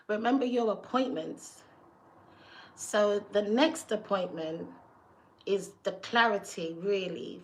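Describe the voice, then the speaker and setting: Chatty woman vlogging. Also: mid-range voice. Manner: chatty, lively, laughs and asides. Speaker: vlog host. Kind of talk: casual testimony vlog.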